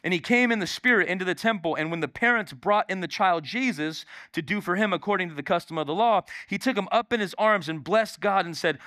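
A man preaching a lively sermon as pastor in a church, calling on the congregation and exclaiming as he goes. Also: sits high, quick pace, few pauses, no room sound, clean studio sound. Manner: calls on the crowd, exclaiming and animated.

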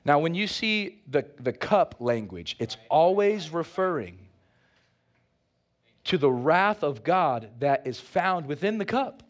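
Male pastor mid-sermon; high-set voice, lively and joking, keeps calling out to the church. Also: takes it slowly. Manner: animated preaching with playful asides; calls out to the congregation.

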